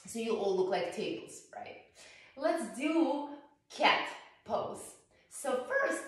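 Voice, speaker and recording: A woman teaching yoga to small children, playful and coaxing, often asking them questions as she guides the poses. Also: high-pitched. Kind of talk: guiding a children's yoga class. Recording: echoey room, voice from far off.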